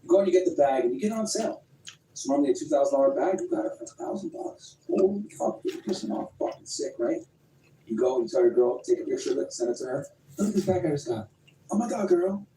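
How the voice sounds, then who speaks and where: A man co-hosting a podcast, telling a scenario in a profane, animated way. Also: mid-range voice, fast, far from the mic. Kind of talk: casual debate, storytelling scenario. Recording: echoey room from afar, faint noise.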